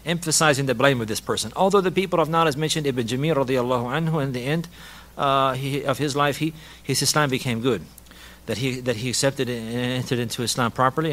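An Islamic teacher with a medium-pitched, slightly bright voice gives a lesson on a hadith and Arabic rhetoric. He repeats key phrases, weaves in Arabic terms, and laughs lightly now and then.

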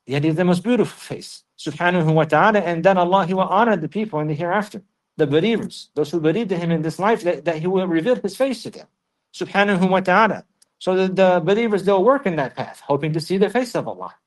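A man's voice: sits high, fast talker. A man teaching a religious lesson, reciting Arabic verses and then explaining them in English, often repeating phrases for emphasis. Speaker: Islamic teacher.

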